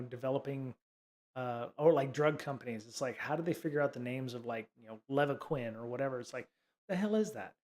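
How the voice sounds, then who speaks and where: A man's voice: mid-range voice, a little mellow. A man hosting a casual livestream coding lesson, rambling with many fillers and sarcastic asides. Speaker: livestream host teaching coding.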